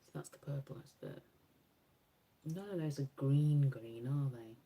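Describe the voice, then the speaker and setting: A woman's voice: very deep voice, measured pace, creaky, mellow, slightly rough. A woman beauty creator chatting casually through a makeup swatch demo, musing aloud and correcting herself as she goes.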